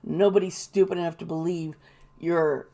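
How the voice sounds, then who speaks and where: A woman's voice: mid-range voice, a little slow, background noise. A woman giving casual, indignant commentary, swearing and mocking the people she quotes. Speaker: tarot reader and commentator.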